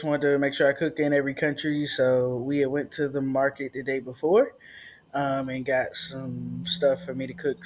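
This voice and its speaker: A young woman co-hosting a casual travel recap, bantering in a relaxed, teasing way. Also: a bass voice, a little hiss or hum. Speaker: co-host.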